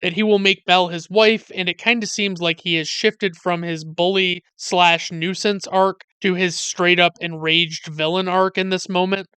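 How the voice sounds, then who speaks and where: A man recaps a film in a casual, sarcastic review with a bright, forceful voice. His speech is very crisp and clean, recorded dry and close with no room sound. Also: sits high, no echo. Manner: chatty, wry and sarcastic, with digressions and many "like" fillers. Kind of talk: casual narrated movie review.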